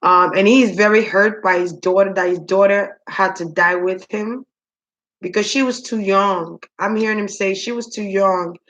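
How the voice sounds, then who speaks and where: A woman giving a spiritual reading to her viewers, musing aloud with many pauses, ums and repeated words. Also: mid-range voice, steady tone, a bit bright, lo-fi sound. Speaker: spiritual reader. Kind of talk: psychic reading monologue.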